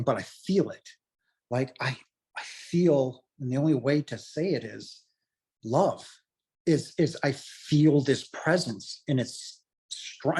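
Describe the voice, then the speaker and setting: A man's voice: mid-range voice, a little mellow, breathy edge. A middle-aged man earnestly telling his personal story as an interview guest, rambling along with lots of "you know" fillers.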